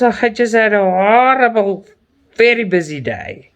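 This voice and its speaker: Slow-talking South African man, chatty. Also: sits high, animated, a bit bright, clear, resonant tone. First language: Afrikaans. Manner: chatty and openly emotional, with frequent exclamations. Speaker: cross-stitch vlogger. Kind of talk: casual chat while stitching.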